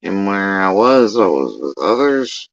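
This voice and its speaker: A man's voice: low voice, very animated, unhurried, fairly bright tone, no echo, muffled recording. A man in a casual livestream monologue, telling a story in a heated, profane, emphatic way. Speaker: livestream host.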